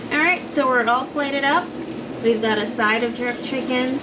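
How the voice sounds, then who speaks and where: A woman's voice: high-pitched, normal speed, heavy background noise. A woman hosting a home cooking video, explaining each step in a chatty way from her kitchen. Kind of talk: casual cooking demonstration.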